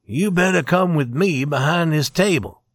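Steady frontier saloon keeper, read by a man: slow, firm, unhurried warnings. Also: fairly high pitch, dry recording, studio quality.

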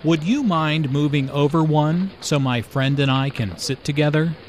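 A man's voice: fairly high pitch, moderate pace, a little hiss or hum, lightly acted. A man playing a polite adult moviegoer in a scripted lesson dialogue, speaking plainly.

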